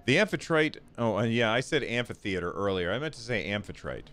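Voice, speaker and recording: A man's voice: lowish voice, big pitch swings, a little fast, fairly bright tone. A man hosting a gaming video, reading a text game aloud and chatting, stumbling over words and joking about himself. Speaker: gaming channel host.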